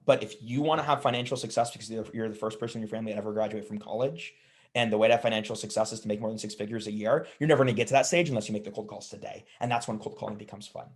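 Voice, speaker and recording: Fast-talking man with a low voice. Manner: energetic, rhetorical questions. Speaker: sales leader panelist. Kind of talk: webinar panel talk. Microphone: video call.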